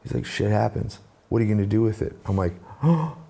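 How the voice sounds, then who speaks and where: Gravelly, dark-voiced man telling his story. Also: fairly low pitch, quick pace. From Canada. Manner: animated storyteller, acts out quoted voices. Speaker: guest, musician and speaker. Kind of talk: conversational storytelling.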